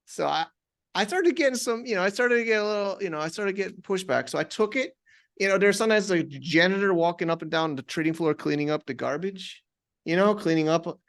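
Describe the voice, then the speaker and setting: Sharing a personal anecdote as a guest on a podcast, this man speaks conversationally, with frequent restarts and lively retellings. He has a high voice and a brisk pace.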